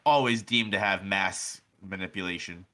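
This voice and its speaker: A man's voice: sits low, moderate pace, bright, forceful tone. A man co-hosting a stream in casual chat, blunt and mocking, with frequent swearing. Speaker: stream co-host.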